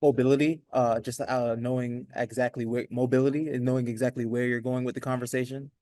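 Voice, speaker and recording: A man's voice: mid-range voice, level tone, brisk, mellow, dry recording, studio quality. A man being trained in sales, answering questions hesitantly and thinking aloud with fillers. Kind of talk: casual training chat.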